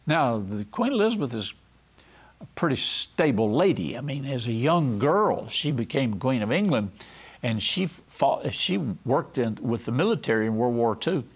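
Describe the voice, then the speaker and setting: A man's voice: mid-range voice, big pitch swings, normal speed, breathy edge. A man delivers a televised sermon. He talks in a folksy, storytelling way and acts out the voices of the people he quotes. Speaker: pastor and TV host.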